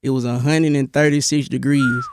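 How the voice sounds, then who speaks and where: A young man from Memphis, telling his army stories in a relaxed interview, with a lot of "bro" and many restarts. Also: mid-range voice, normal speed, smooth, no echo, clean studio sound. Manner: laid-back storytelling, lots of "bro" and restarts. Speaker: interview guest, army veteran. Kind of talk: casual interview.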